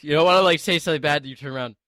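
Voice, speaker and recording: A man hosting a casual podcast interview, talking in halting bursts with lots of restarts and laughter. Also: a little high, bright, forceful tone, no echo, studio quality. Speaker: podcast host.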